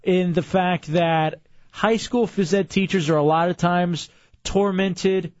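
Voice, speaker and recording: A man co-hosting a podcast, telling news stories in animated casual chat. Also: sits high, slow pace, no echo, lo-fi sound. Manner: animated storytelling, reads news bits with commentary. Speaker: podcast co-host.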